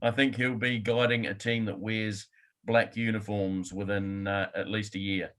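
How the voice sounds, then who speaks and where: A man's voice: fairly low pitch, level tone, normal speed, fairly bright tone. A man co-hosting a sports podcast, with a dry, understated manner in casual chat. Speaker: podcast co-host.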